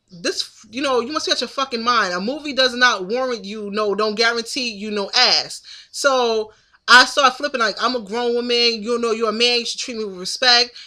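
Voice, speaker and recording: A woman's voice: fairly high pitch, sharp tone. A woman in her thirties telling a story to the camera in a casual, indignant venting monologue. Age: 30s. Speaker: vlogger.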